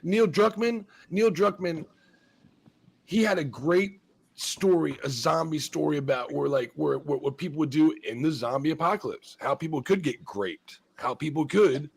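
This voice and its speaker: A man's voice: fairly high pitch, normal speed, vocal fry, slightly rough. A man hosting a casual talk show, rambling profanely with many restarts as he argues his point. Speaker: podcast host. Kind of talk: casual chat.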